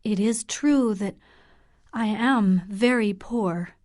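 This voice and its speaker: A woman's voice: medium pitch, slow, darkish tone, close to an everyday voice. A woman voicing a poor, loyal mother of five who speaks hesitantly and defensively in an audiobook.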